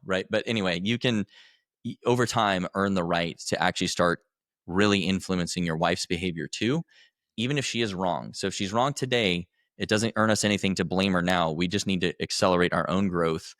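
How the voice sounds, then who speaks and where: Low-voiced earnest man talking. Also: fairly quick, a bit bright, dry recording, clean studio sound. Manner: earnest, rambling with restarts. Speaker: podcast guest, coach for husbands. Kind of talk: conversational interview.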